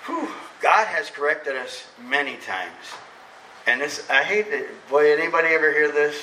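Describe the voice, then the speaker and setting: A middle-aged man preaching a sermon as pastor, emphatic, swinging between loud preaching and soft confiding. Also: a little high, expressive, normal speed, recorded from a distance, slight background noise. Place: church sanctuary. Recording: echoey church hall from off-mic.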